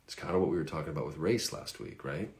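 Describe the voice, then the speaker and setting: A man's voice: very deep voice, lively intonation, fast. A middle-aged man giving a casual, conversational faith talk and reading scripture, with fillers and asides.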